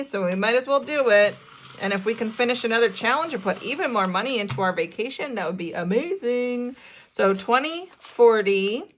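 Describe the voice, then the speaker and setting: An excitable woman hosting a casual budgeting vlog, counting cash aloud and narrating her savings. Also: on the high side, moderate pace, a little hiss or hum. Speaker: budgeting channel host.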